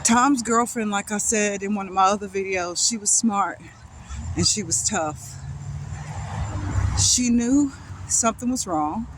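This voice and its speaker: A woman from North Carolina telling a painful personal story in a halting, sighing way, with restarts. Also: mid-range voice, noisy background. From North Carolina, USA. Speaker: vlogger telling her life story.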